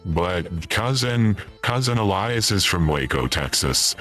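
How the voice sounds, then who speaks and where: A man's voice: deep voice, lively intonation, takes it slowly, a bit bright, soft background music, full character voice. A man putting on the voice of a forgetful retired old man who rambles, stops and repeats himself. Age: older. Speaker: streamer in character. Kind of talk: comedic in-character livestream chat.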